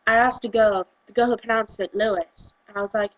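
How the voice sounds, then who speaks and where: A woman's voice: a little high, fairly quick, highs cut off. Exasperated woman ranting. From United Kingdom. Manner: exasperated, animated, switches into mocking quoted voices. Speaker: vlogger. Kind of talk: casual ranting vlog.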